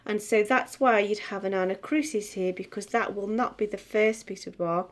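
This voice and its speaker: A middle-aged woman, teaching music theory in a relaxed, chatty way with many fillers. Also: mid-range voice, normal speed. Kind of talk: explaining a lesson to camera.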